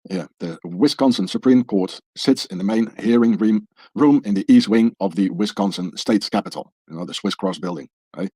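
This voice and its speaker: A man's voice: on the low side, moderate pace, warm tone, slightly rough, no room sound. A man presenting a podcast talk, rambling through a conspiracy theory and tagging his points with a questioning "eh?". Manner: tags statements with questioning "eh?". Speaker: podcast presenter showing pages on screen.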